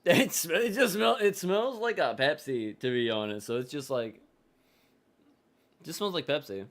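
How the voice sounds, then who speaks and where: A man talks through a football game on a live stream in a relaxed, rambling way. His voice sits at an everyday middle pitch, and he often breaks off mid-thought and starts over. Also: moderate pace. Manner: rambling, chatty, trails off and restarts. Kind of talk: casual live game reaction.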